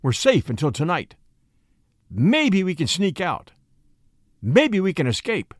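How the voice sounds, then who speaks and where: A man's voice: high-pitched, huge pitch swings, slow, no echo, clean studio sound, exaggerated voice. A man voicing a frantic frightened mother. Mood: desperate. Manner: urgent, rising to frantic cries. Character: frightened woman, a mother sensing danger. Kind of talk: audiobook reading.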